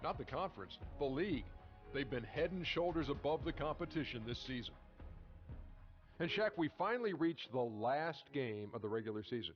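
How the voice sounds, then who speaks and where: A man's voice: medium pitch, animated, normal speed, faint music behind, close to an everyday voice. A man playing an upbeat studio show host. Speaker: studio host in a basketball video game. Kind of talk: scripted sports studio hosting. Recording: dull lo-fi game audio.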